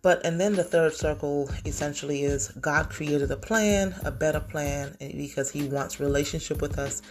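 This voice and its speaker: A woman's voice: low-pitched, moderate pace, faint music behind. A woman hosting a faith podcast, speaking in a heartfelt, emotional way that turns teary at times. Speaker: podcast host.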